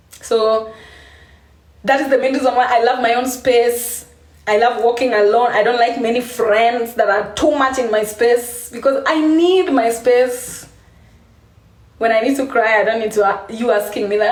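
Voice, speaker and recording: A woman's voice: high voice, echoey room. A woman with a Kenyan accent talking casually on a live stream, laughing often and repeating phrases for emphasis.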